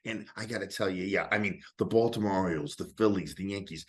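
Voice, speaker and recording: A man with a somewhat low voice hosts a relaxed interview. He rambles through his questions, piling on fillers and animated asides. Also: fast, few pauses. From Italian-American family in Illinois. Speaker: interviewer, host. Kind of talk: casual interview conversation.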